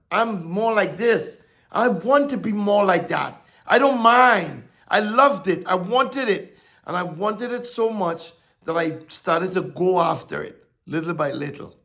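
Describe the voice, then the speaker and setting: A male preacher with a fairly high, gravelly voice delivers a sermon at a slow, deliberate pace. He stumbles over and repeats words, then builds to emphatic declarations before dropping back to a soft tone.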